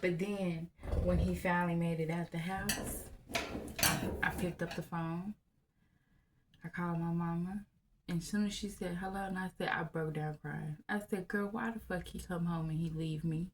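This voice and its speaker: A woman, telling a personal story in a blunt, profane, animated way. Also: lowish voice, moderate pace, slight background noise. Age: 30s. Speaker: vlogger. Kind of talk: candid storytelling to camera.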